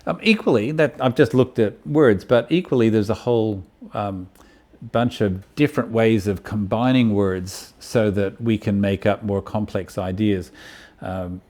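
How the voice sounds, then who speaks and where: A man giving a university lecture, halting often with ums and restarting his phrases. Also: lowish voice, darkish tone.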